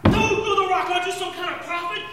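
A man voicing a brutal, taunting Roman centurion with jeering, bullying shouts. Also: very high voice, normal speed, heavy background noise, voice pushed up. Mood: furious shouting. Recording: echoey hall, distant mic.

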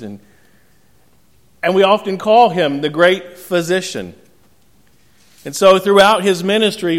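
A pastor giving an earnest sermon, telling a gentle joke along the way. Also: male voice, on the high side. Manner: earnest preaching with gentle storytelling humor. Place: church sanctuary. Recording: long church reverb.

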